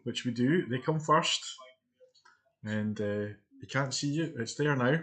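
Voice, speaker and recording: A man's voice: mid-range voice, unhurried, a bit bright. Chatty man co-hosting a chat show. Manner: chatty, laughs often, reads out quotes. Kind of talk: casual live-stream chat.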